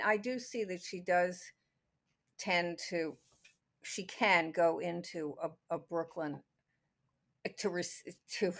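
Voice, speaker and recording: A woman's voice: lowish voice, gravelly, a bit bright. A woman co-hosting a podcast, talking through a classic film in a casual, thinking-aloud way with many restarts. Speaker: podcast co-host.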